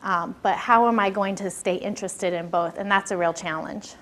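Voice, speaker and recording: A woman's voice: mid-range voice, moderate pace, a bit bright. A woman giving a workshop lecture on classroom behavior, talking conversationally and asking her audience questions.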